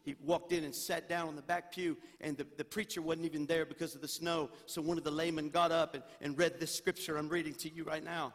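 A senior pastor preaching a sermon, moving from loud pleading to quiet storytelling. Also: male voice, a little high, little pitch movement, a little fast, hardly any pauses. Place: church sanctuary. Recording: long church reverb.

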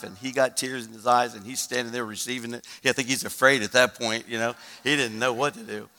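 A male pastor preaching a sermon, telling a story with animated delivery and acting out the people he quotes. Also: mid-range voice, fast, hardly any pauses, big-room sound. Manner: animated storyteller who acts out quoted voices.

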